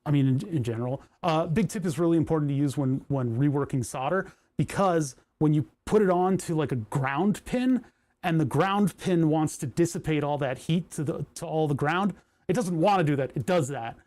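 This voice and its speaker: A young man, talking casually on a live stream while soldering. His voice sits a bit higher than most men's, and he rambles and doubles back, talking to his chat as he works. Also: normal speed, a little mellow. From United States. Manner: rambling and chatty, with restarts and asides to chat.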